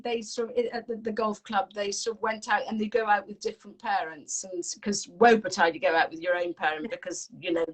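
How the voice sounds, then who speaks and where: A middle-aged woman, a parenting coach talking in an interview in a lively, rambling way with frequent restarts. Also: medium pitch, low-quality recording. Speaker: parenting and teen coach, guest. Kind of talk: conversational interview.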